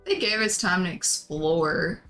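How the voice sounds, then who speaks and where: A woman's voice: lowish voice, unhurried, fairly bright tone, soft background music, rough recording. A woman co-hosting a casual livestream chat, telling rambling stories and wrapping them up with "anyway". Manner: rambling storyteller, trails off with "anyway". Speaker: co-host.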